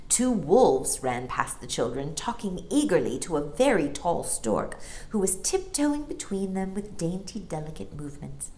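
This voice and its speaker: Expressive low-voiced woman storyteller. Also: measured pace. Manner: expressive, lilting. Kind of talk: storybook reading aloud.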